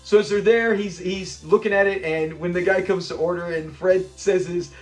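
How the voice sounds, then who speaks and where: A man's voice: sits high, steady tone, moderate pace, soft background music. A man hosting a casual episode breakdown. He talks with enthusiasm and acts out the lines he quotes. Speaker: show host.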